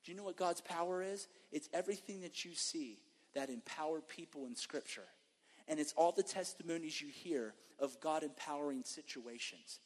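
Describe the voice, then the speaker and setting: A man preaching as a guest pastor, moving from emphatic sermon to an animated testimony story. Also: on the high side, moderate pace. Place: church sanctuary. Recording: long reverb of a church hall.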